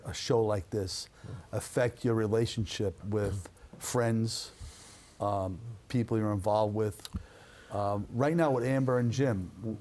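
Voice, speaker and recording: Man asking halting interview questions. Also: fairly low pitch, darkish tone. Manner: measured, halting questions with fillers.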